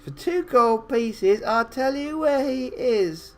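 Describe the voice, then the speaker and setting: A man voicing a sly crippled old male beggar with a high, drawn-out, cackling delivery. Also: animated, exaggerated voice. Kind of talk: reading a gamebook aloud.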